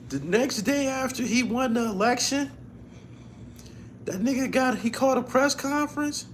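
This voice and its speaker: A man's voice: extremely high pitch, expressive, normal speed, slight background noise. A man hosting his own channel, chatting casually and profanely, laughing often as he tells stories. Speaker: channel host. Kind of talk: casual livestream chat.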